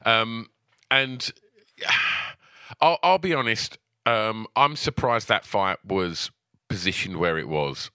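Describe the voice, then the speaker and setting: A man co-hosting a podcast, talking casually in a halting way with many ums and some dry teasing. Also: on the low side, expressive, sharp tone, smooth, no echo. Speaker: podcast co-host. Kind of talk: casual chat.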